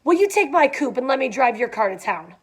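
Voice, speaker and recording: A woman voicing a brash, domineering wealthy man, loud and impatient. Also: sits high, very animated, a little fast, husky, voice pushed up, full character voice. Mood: blustering.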